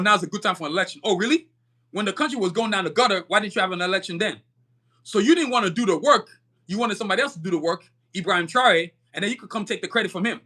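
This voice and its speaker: A man's voice: high-pitched, bright, forceful tone. A man hosting a live-stream podcast, ranting fiercely and profanely in streetwise slang and often checking in with his listeners. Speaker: podcast host.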